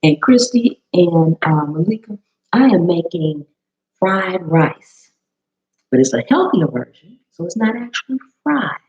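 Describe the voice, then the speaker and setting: A woman chef chatting with viewers during a live cooking demo in her home kitchen, greeting them by name, her voice a little hoarse. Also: lowish voice, very animated, measured pace, darkish tone. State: slightly hoarse. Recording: slightly dull lo-fi live-stream audio.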